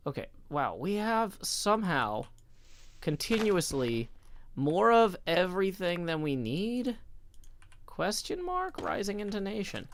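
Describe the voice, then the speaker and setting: A man's voice: high voice, gravelly, fairly bright tone, slight background noise. Wry, chatty male streamer. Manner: chatty, reads chat aloud, wry asides. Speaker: livestreamer. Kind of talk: casual livestream chat.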